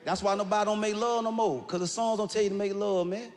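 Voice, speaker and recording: A man doing a stand-up comedy set, telling stories loudly and shouting his punchlines. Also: high-pitched, fast talker. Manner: loud, animated storytelling with shouted punchlines and acted-out quotes. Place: stage in a large hall with a live audience. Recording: live hall reverb, faint room noise.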